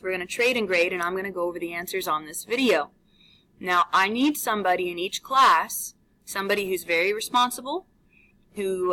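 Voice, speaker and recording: A woman's voice: mid-range voice, pushed and bright, low-quality recording. A woman teacher recording chatty, teasing instructions for her class while a substitute runs the room. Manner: chatty and teasing, with many fillers.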